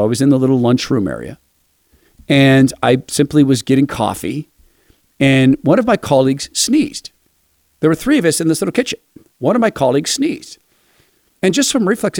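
A man's voice: medium pitch, creaky, a little mellow, dry recording, clean studio sound. A man giving sarcastic, mocking political opinion commentary. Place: Seattle area.

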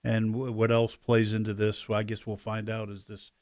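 A man co-hosting a talk radio show, speaking earnestly with halting restarts as he weighs his views. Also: on the low side, completely flat delivery, darkish tone. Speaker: radio co-host.

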